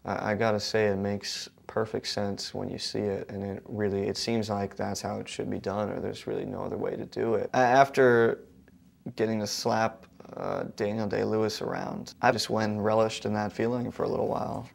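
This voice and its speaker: Low, gravelly young man musing. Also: fairly even intonation, moderate pace. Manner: thoughtful, earnest, hesitant. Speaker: actor being interviewed. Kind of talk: casual interview.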